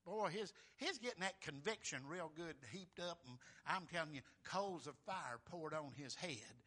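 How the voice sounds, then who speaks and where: A man's voice: expressive, moderate pace, pushed and bright. A man preaching a fervent, folksy sermon. He surges in force on key phrases and calls out "Amen?" to the congregation. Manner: fervent, surging in pitch and volume on key phrases.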